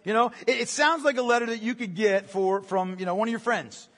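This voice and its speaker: A man's voice: sits high, fairly even intonation, fairly quick, fairly bright tone, big-room sound. A male pastor preaching a sermon, talking conversationally and often tagging lines with "right?". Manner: conversational, frequent "right?" asides. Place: church sanctuary.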